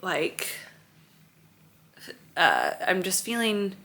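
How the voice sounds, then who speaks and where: Her voice on the low side and sharp, this thirtysomething vlogger mom speaks very slowly with wildly swooping pitch. Overwhelmed and tired, she rambles emotionally in a confessional chat at home while moving apartments.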